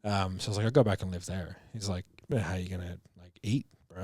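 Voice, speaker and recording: With a deep, husky, slightly mellow voice and fairly even intonation, a business coach in his thirties talks fast as a podcast guest. Casual and profane, he laughs through stories, acts out quotes, and says "like" and "bro" a lot. The recording is dry and studio quality.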